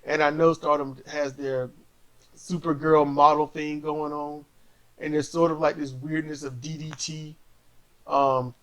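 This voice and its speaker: A man casually recapping wrestling matches as a co-host, telling it in an animated way and acting out the wrestlers. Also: a little slow. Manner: animated storyteller, acts out wrestlers in high voices.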